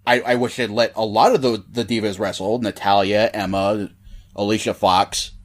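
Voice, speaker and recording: A man's voice: fairly low pitch, level tone, normal speed. Enthusiastic male wrestling podcast co-host. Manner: enthusiastic, repeats words when starting sentences. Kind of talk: casual wrestling chat.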